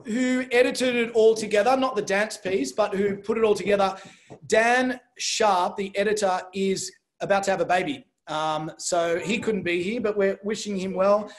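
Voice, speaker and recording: A man hosting a live online show, chatty and joking, rambling with fillers. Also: sits high. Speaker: host. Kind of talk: casual livestream hosting.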